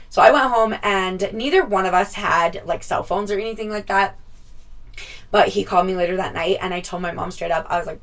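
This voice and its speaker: A woman's voice: lowish voice, normal speed, distant mic. A young woman telling a story to her viewers in a casual, chatty way. She swears freely and acts out what people said. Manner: chatty, swears often, acts out quoted lines. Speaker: vlogger.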